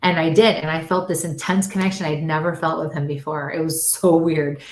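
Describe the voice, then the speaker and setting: A woman's voice: sits low, brisk. A middle-aged woman telling stories in a casual chat, acting out the voices of the people she quotes. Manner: animated storyteller, acts out quoted voices. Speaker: guest. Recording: roomy echo.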